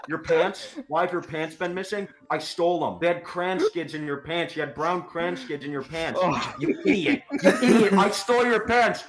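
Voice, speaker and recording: A man voicing an insulting cursed cassette tape that yells crude, repetitive taunts. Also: fairly high pitch, fairly even intonation, normal speed, few pauses, crowd noise, voice pushed up, natural voice. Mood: taunting.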